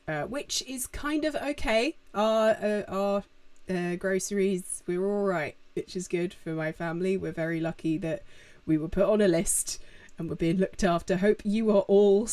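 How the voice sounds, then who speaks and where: A woman's voice: fairly low pitch, unhurried, a little mellow. A young woman hosting a casual live-stream Q&A from a room at home, chatting with viewers and using many fillers.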